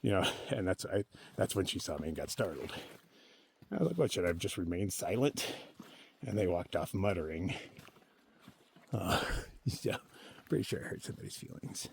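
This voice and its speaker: A man talking casually to his camera while hiking a forest trail, chatty and opinionated, thinking out loud to himself. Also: deep voice, very animated, normal speed, creaky, long pauses, breathy edge. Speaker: solo thru-hiker filming his hike. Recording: faint outdoor noise behind the voice.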